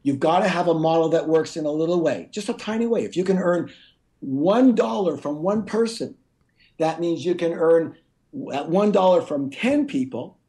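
A man's voice: a little high, animated, moderate pace, warm tone. A middle-aged man speaking as a guest on a podcast interview, emphatic and teacherly, often calling on listeners to pay attention. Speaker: guest author.

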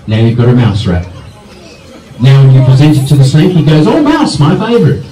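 Jokey reptile keeper, echoey. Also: male voice, mid-range voice, fairly quick, a crowd in the background. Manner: jokey, dry humour. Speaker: reptile park keeper presenting animals. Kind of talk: live animal presentation. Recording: echoey, from far off, faint music.

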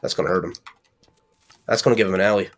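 Low-voiced man joking through gameplay. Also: fairly even intonation, fast. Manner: chatty, playfully trash-talking, bursts into loud frustrated yelps. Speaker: gaming channel host. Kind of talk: casual gameplay commentary.

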